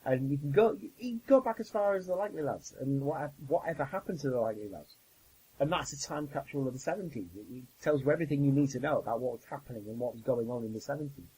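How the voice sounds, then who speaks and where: A man hosting a podcast, talking in a thoughtful, measured way with some fillers. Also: medium pitch, expressive, dark tone, husky, low-quality recording. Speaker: podcast host. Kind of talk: casual podcast chat.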